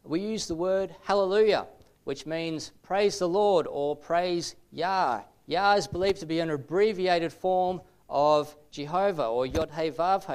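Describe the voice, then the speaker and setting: A man with an English accent explaining biblical names in a measured, thoughtful talk, slowing down to stress key words. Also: fairly high pitch. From England. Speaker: Bible teacher.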